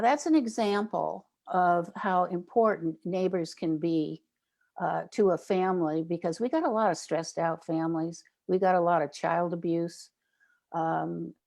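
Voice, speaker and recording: A woman's voice: lowish voice, a little mellow. An older woman on an interview show, telling community stories and acting out the people she quotes. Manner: storytelling, acts out quoted neighbors. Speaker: guest, child safety advocate.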